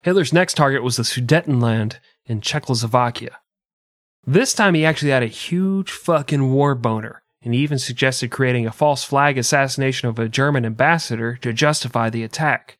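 A man narrates history for a comedy podcast, mixing facts with crude jokes and frequent laughter. His voice sits at an ordinary male pitch, and the room sounds dry and close. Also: a little fast, a bit bright, no echo. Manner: crude, joking, laughs often. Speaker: podcast host.

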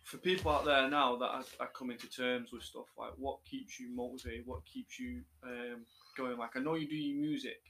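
Male podcast host, bright tone, halting and filler-heavy. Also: mid-range voice, fairly even intonation, a little hiss or hum. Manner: hesitant, with many fillers and repeated words. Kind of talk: casual podcast interview.

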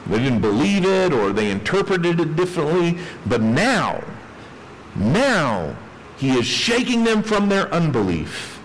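A man, a pastor, preaching a sermon with emphatic delivery, dropping his voice low on key words. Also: long reverb tail, poor audio.

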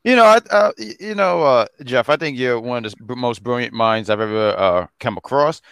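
A man co-hosting a podcast in casual chat, animated and prone to laughing and tripping over his words. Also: medium pitch, brisk, vocal fry, smooth. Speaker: podcast co-host.

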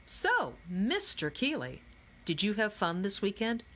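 A woman's voice: medium pitch, huge pitch swings, unhurried, fairly bright tone, heavily acted. A woman voicing an eccentric older male game-maker in an audiobook, lilting and grandly amused. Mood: playful.

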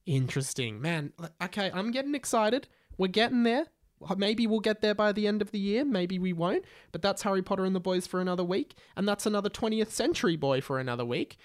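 A man's voice: high-pitched, expressive, a little fast, no echo. Wry male podcast host, dry sound. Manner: mocking, wry asides. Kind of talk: comic reading and commentary.

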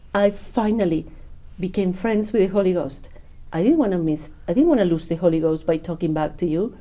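A woman telling a personal conversion story with feeling, acting out the voices of the people in it. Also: mid-range voice. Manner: emotional, animated, acts out dialogue.

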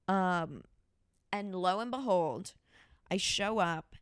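A woman hosting a casual podcast, telling a story in a blunt, profane, animated way. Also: medium pitch, takes it slowly, clean tone, no room sound, studio quality. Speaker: podcast host.

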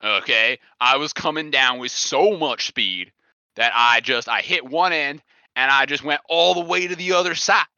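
A man's voice: mid-range voice, normal speed, pushed and bright, smooth, dry recording, muffled recording. A man doing an improvised comedy voice of a vain, macho forty-five-year-old pro skier full of meathead bravado. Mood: bragging. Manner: boastful meathead bravado, slangy.

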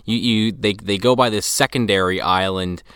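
A man with a lower, smooth, resonant voice, explaining a film's plot in a loose, rambling way. He restarts his sentences and laughs easily. The sound is dry and close. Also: normal speed, fairly bright tone, dry recording. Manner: rambling, stumbles over words while explaining the plot. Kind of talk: casual chat reviewing a film.

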